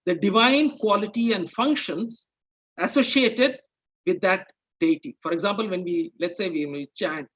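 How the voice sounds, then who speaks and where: A man presenting an explanatory talk, speaking in a measured way and checking in with "okay?" and "right?". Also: high-pitched, fairly bright tone, muffled recording.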